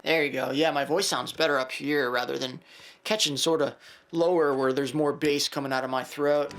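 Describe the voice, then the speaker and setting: A man's voice: mid-range voice, fairly even intonation, normal speed, vocal fry. A man producing a song at home, talking through his work in casual, muttering, self-critical asides. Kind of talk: casual talk while recording a song. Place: home studio. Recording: loud music underneath.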